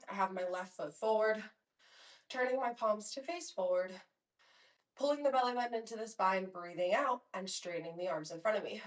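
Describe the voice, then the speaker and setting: A woman's voice: mid-range voice, far from the mic. Woman, young adult, pilates instructor, out of breath, encouraging, counting reps, echoey room. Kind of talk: guided workout instruction. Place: home workout room.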